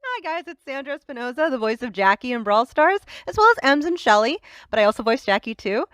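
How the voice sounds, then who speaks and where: Casual voice actor intro, bright lively woman, dry sound. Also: sits high, quick pace, dry recording.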